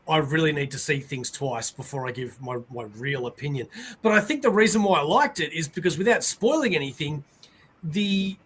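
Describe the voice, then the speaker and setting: A man hosting a casual chat on a video call, talking hesitantly with many pauses and chuckles. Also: sits high, a bit bright. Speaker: host.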